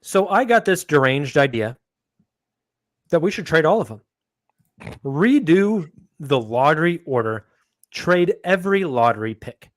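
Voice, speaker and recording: A man's voice: a little high, very animated, a little slow, pauses often, dry recording, clean studio sound. A man hosting a casual sports podcast, upbeat as he steers the panel through topics. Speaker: podcast host.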